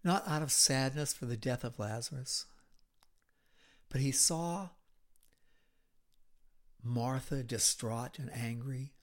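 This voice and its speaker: A male preacher in mid-sermon, unhurried and deliberate. His voice sits in an ordinary middle register, and he drops to hushed, whispered lines to draw listeners in. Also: medium pitch. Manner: slow, dramatic retelling with hushed, whispered moments.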